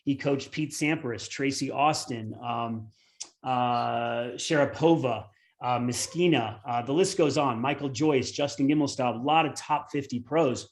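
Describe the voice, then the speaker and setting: A man's voice: medium pitch, measured pace. A man in his forties, a former pro turned tennis coach, telling a long story in a webinar with many fillers. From United States. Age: 40s.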